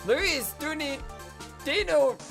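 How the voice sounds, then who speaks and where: A woman voicing an excitable, panicky young man who stammers and shouts his lines. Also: sits high, slow pace, creaky, heavily acted. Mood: frantic. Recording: game music playing underneath.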